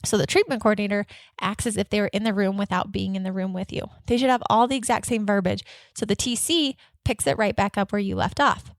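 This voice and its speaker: A woman hosting a dental practice podcast, coaching staff in an energetic, upbeat way and acting out both sides of patient conversations. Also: medium pitch, a little fast, no echo, clean studio sound. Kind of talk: instructional podcast with role-played office dialogue.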